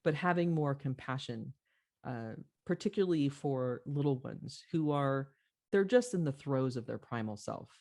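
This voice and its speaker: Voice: medium pitch, animated, moderate pace, a little mellow. A podcast host telling a story in an earnest, reflective conversational way, with frequent fillers.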